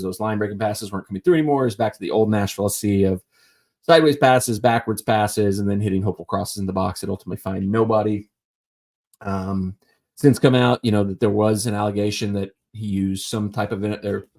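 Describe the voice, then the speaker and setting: A man's voice: lowish voice, darkish tone. A man hosting a casual live stream, talking sports on his own in a rambling way with lots of fillers. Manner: rambling, many fillers and restarts. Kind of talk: casual solo sports talk.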